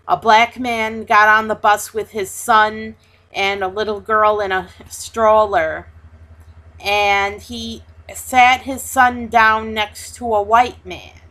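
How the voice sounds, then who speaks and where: A woman vlogger telling the story of her day in an earnest, deliberate way, pausing and restarting as she goes. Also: mid-range voice, a bit bright, poor audio. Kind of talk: personal video commentary.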